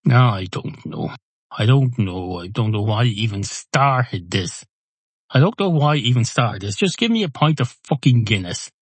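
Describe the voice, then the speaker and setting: A man's voice: medium pitch, lively intonation, moderate pace, slightly rough, no room sound. A man voicing a fussy young male cat at a bar, rambling and drifting off topic.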